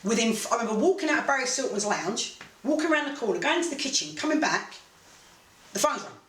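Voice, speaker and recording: A woman, a boxing promoter telling animated stories as an interview guest. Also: fairly high pitch, fast talker. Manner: animated, laughing storyteller. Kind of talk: casual storytelling interview. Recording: echoey room, mic at a distance, faint noise.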